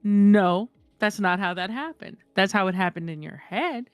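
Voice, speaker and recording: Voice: mid-range voice, animated, moderate pace, no echo, soft background music. A speaker in a casual online voice chat who makes points emphatically and swears often. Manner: emphatic, profane. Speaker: voice chat participant. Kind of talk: casual discussion.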